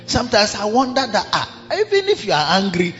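A man's voice: high voice, huge pitch swings, a little fast, fairly bright tone, big-room sound, dull audio. A man preaching a sermon as a pastor, dramatic and acting out the voices of others. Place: large church hall.

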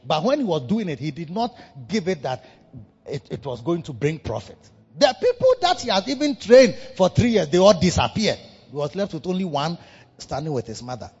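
A male preacher delivering a dramatic, animated sermon in a church, repeating words for effect. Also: on the high side, fairly quick, breathy edge. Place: large church hall. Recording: dull reverberant hall with music.

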